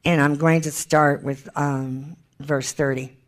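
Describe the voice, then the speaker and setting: A woman's voice: sits low, little pitch movement, slow pace. A woman giving an informal Bible teaching, chatty and emphatic, thinking aloud as she looks up verses.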